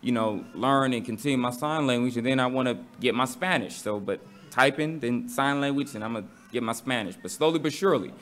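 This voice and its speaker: A man's voice: medium pitch, a little fast, hardly any pauses, fairly bright tone. A man with a casual, slangy manner, teaching a Bible study to a congregation and asking the room questions.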